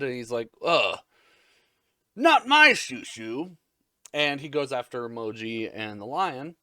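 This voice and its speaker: Man, casual recap, rambling and crude, jokey, mid pitch, dry close sound. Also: a bit bright, smooth, dry recording. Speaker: anime recap host.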